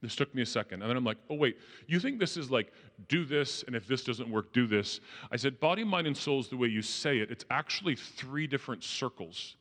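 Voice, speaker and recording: A man giving a storytelling talk to an audience, animated and self-deprecating, acting out the people he quotes. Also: mid-range voice, fairly quick, long reverb tail. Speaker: speaker.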